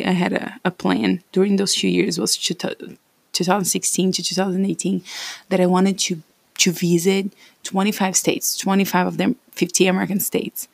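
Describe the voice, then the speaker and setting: A woman from Brazil in her thirties, speaking English with a Brazilian Portuguese accent, chats casually and wanders from thought to thought. Her voice sits a little low, with gravelly fry and a breathy, husky edge. The sound is close and dry. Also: darkish tone, no echo. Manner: chatty, rambling, encouraging. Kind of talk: casual personal vlog.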